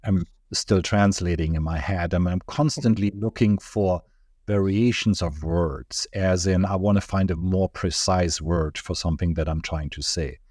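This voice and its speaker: A man's voice: deep voice, normal speed, a little mellow, dry recording, studio quality. A man from Germany with a German accent, a guest chatting casually in an interview, rambling with chuckles and restarts. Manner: chuckling, digressive, many restarts.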